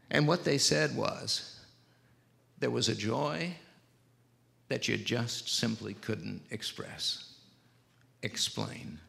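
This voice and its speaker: Gravelly older pastor. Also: male voice, mid-range voice, a bit bright. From Mississippi, US. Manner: slow, heartfelt storytelling. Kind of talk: sermon. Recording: reverberant church sanctuary.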